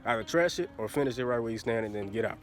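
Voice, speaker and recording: A man's voice: medium pitch, animated, racing, soft background music, natural voice. A man doing a curt, stern bouncer. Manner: commanding, curt.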